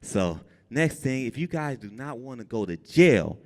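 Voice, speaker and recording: Animated male storyteller, lively pitch. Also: moderate pace, few pauses. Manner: animated, jumps high for quoted lines. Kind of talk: live comic storytelling. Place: brewery event space with an audience. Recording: long reverb in a live venue.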